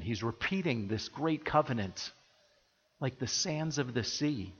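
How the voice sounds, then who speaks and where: A man preaching a sermon, earnest and reflective, with soft pauses as he explains the passage. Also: mid-range voice, animated, slightly rough. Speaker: pastor. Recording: dull audio with long hall reverb.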